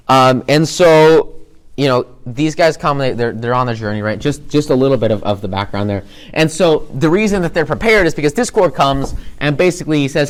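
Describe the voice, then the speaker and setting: A man casually retelling a cartoon plot in an excited, rambling way, full of fillers. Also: mid-range voice, moderate pace. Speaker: presenter recapping a cartoon episode.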